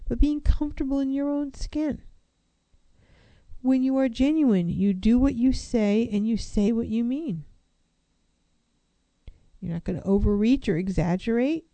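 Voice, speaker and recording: Woman counselor, earnest and reflective, very mellow warm voice, pitched a bit high, dry close sound. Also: unhurried, long pauses, dry recording. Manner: earnest, poses rhetorical questions. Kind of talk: reflective self-help talk.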